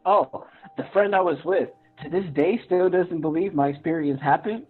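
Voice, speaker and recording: A man's voice: on the high side, moderate pace, husky. Man telling a story over a tinny line. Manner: earnest, acts out his own past reactions in a raised voice. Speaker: podcast guest. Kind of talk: personal storytelling in an interview. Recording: tinny phone-line audio with faint music.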